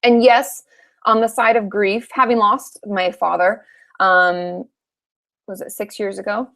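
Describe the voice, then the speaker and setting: A woman's voice: medium pitch, level tone, unhurried, a bit bright. A woman in her thirties, a therapist from Washington state, answering viewer questions in a frank, chatty live Q&A, swearing casually now and then.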